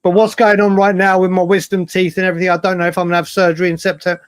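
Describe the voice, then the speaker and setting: High-voiced English man, chatty and emphatic. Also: flat delivery, racing, clear, resonant tone, no room sound. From England. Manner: chatty, emphatic, repeats himself. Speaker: podcast co-host. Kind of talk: casual chat.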